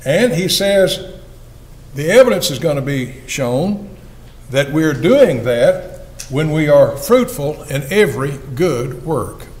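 A man's voice: a little high, expressive, slow pace, a little mellow, rough recording. Older guy preaching, folksy and earnest, voice swoops up and down a lot. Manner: earnest, folksy, asks the congregation questions. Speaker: evangelist preacher. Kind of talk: sermon.

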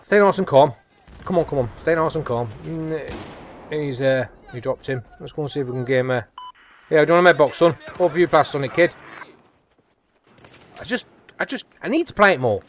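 A man giving chatty, excitable live commentary over a shooter game as a gaming channel host. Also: fairly high pitch, a little fast, pauses often, a little hiss or hum. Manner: chatty, excitable, repeats come on and whoa. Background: faint game gunfire.

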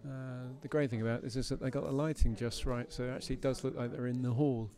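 A man calmly giving explanatory commentary in a matter-of-fact way. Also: medium pitch, quick pace. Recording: crowd noise behind.

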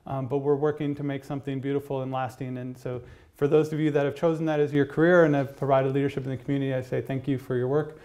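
A man's voice: medium pitch, flat delivery, quick pace, darkish tone, lo-fi sound. A man giving a university lecture on policy advocacy, conversational, with frequent fillers and restarts. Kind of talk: public lecture. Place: lecture hall.

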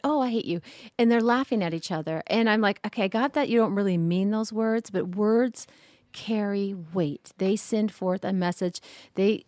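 A woman's voice: medium pitch, a little mellow, no echo, studio quality. Chatty laughing woman. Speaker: podcast co-host, mother. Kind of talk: casual conversation on parenting.

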